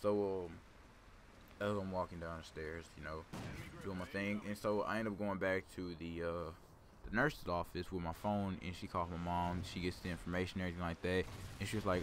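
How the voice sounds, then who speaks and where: Low-voiced rambling gamer man. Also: steady tone, fairly quick, background noise. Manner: rambling, stammers and repeats words. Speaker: gaming video host. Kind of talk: casual storytelling over gameplay.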